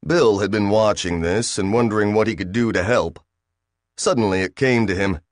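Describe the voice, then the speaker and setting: An audiobook reader with a fairly low voice narrates a scripted story in an even, measured way. The studio-quality recording has no room sound.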